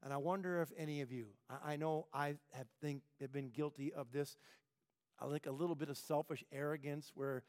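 A man's voice: a little high, fairly even intonation, a little fast, a little mellow, big-room sound. A man preaching a conversational sermon, asking rhetorical questions and acting out quoted speech.

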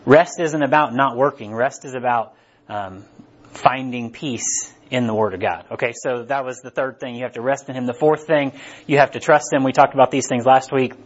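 A man's voice: medium pitch, moderate pace. Male preacher, casual and conversational, mid-range voice, slightly muffled lo-fi recording. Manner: conversational, asks "right?" often. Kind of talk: casual sermon.

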